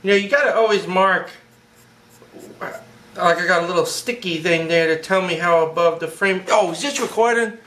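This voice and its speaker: A man hosting a drawing tutorial from home, talking in an excitable, rambling, hyper way. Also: high voice, normal speed. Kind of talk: casual drawing lesson. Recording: echoey room.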